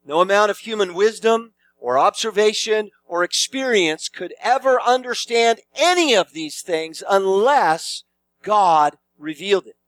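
A man's voice: high-pitched, animated, measured pace, fairly bright tone, dry recording. A man preaching an expository sermon as pastor, emphatic and repeating key phrases for weight.

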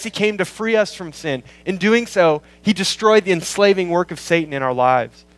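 A pastor working through a scripture passage in a sermon, explaining word meanings and repeating key lines for emphasis. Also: male voice, on the high side, fairly bright tone, low-quality recording. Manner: quotes scripture in slowed, weighty tones. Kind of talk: expository sermon.

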